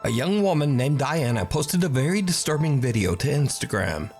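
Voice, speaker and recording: A man's voice: mid-range voice, animated, normal speed, natural voice. A man giving dramatic, suspenseful scripted narration for a paranormal video. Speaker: documentary narrator. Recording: narration over loud music.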